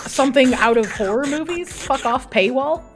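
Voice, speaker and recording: A woman's voice: sits high, lively intonation, normal speed. A young adult woman streaming, chatting casually, reading an article aloud and swearing freely as she reacts to chat. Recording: faint music behind.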